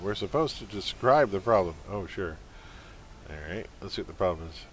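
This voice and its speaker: A man's voice: sits low, animated, a little fast, slight background noise. A man from Canada with a mild Canadian accent, chatting casually as he streams a game and reads its text aloud. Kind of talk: casual live-stream commentary.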